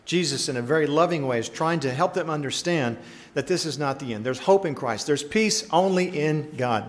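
A male pastor delivers a sermon with a fairly high voice. He preaches in a lively, conversational manner and keeps turning to his listeners with questions. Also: moderate pace.

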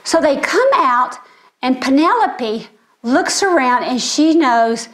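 A woman's voice: high voice, animated, slow pace. An older woman with grandchildren, giving a sermon in an earnest storytelling way. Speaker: speaker.

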